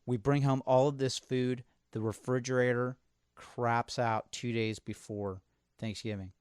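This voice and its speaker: A man's voice: fairly low pitch, no echo, clean studio sound. A man hosting a casual podcast chat, telling stories with energy and acting out the people he quotes. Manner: animated storyteller, acts out quotes. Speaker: podcast host.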